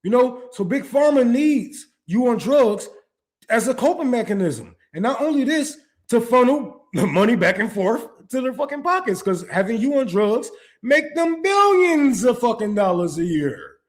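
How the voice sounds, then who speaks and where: A man's voice: very high-pitched, big pitch swings, moderate pace. A man hosting a political commentary stream, ranting with profanity and rhetorical questions. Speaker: podcast host.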